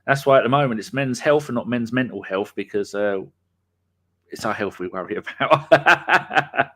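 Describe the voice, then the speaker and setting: A man's voice: medium pitch, moderate pace, sharp tone. A man hosting a podcast, chatting casually and teasing his co-host with jokes. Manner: teasing, joking. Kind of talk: casual chat.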